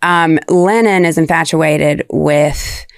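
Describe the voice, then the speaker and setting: A woman's voice: low-pitched, steady tone, takes it slowly, dry recording, studio quality. A woman from Tennessee chatting as a podcast guest, telling stories with laughs and the odd curse. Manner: chatty storyteller, laughs, swears. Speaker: guest actress. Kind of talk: casual interview chat.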